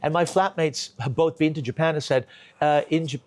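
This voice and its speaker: A male comedian guest telling stories in casual conversation, animated and acting out the people he quotes. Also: on the high side, background noise. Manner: animated storyteller, quick to act out quotes.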